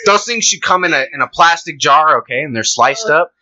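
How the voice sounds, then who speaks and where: A man putting on a shrill scandalized shopper. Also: animated, a little fast, bright, forceful tone. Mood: appalled. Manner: shrill, outraged exclamations. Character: prim, scandalized white American man. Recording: lo-fi podcast recording.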